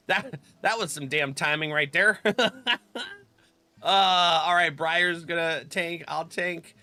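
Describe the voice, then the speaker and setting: Bright-voiced man streaming a game. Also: fairly high pitch. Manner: chatty, laughs often, clears throat. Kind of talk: casual live-stream chat.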